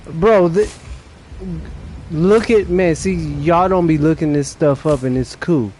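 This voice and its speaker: A man's voice: a little high, slow, a little mellow, a little hiss or hum. A young adult man streaming a game late at night, chatting casually in a rambling, profane way with restarts.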